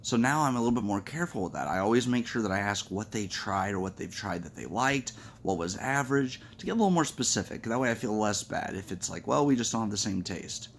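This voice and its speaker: A man's voice: lively intonation, quick pace, gravelly, hardly any pauses, a little hiss or hum. Chatty man rambling through jokes. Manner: chatty, rambling, acts out friends' lines in high voices. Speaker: comedy vlogger. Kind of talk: casual stand-up joke telling.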